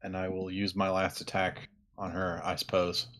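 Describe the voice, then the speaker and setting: This man has a fairly low voice and plays in a tabletop game. He talks casually and sheepishly, breaking into loud excited outbursts now and then. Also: normal speed. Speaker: player.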